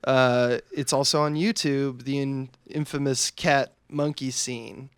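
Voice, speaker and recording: Relaxed rambling young man, smooth voice. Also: mid-range voice, a little slow, no room sound. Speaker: podcast co-host. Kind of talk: casual film discussion.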